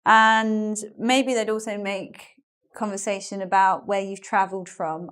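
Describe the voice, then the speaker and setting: A woman's voice: mid-range voice, little pitch movement, slow, clear, resonant tone. Chatty British woman teaching English. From England. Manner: chatty, explains phrases with examples and asides. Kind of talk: online language lesson.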